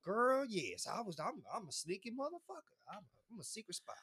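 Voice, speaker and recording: Podcast co-host telling stories, animated, does high voices for quotes. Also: male voice, a little fast, breathy edge. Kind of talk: casual storytelling chat.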